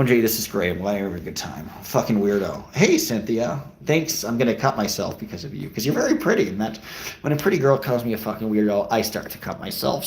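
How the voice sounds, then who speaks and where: Gravelly man chatting and joking crudely. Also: mid-range voice, a bit bright. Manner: joking, crude, rambling replies to chat. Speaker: livestreamer reading chat. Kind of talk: casual chat. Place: walking outdoors in a city.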